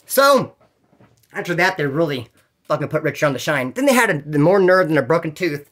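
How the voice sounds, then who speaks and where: A man telling prison stories in a casual, animated way, swearing often and acting out other people's voices. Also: fairly high pitch, fairly quick. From California. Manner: animated, profane, acts out quoted voices. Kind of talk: casual storytelling.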